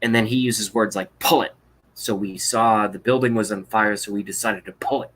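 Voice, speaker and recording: A man's voice: fairly low pitch, steady tone, brisk, fairly bright tone, poor audio. A man hosting a livestream, delivering an angry, profane political rant with contempt. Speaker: livestream host.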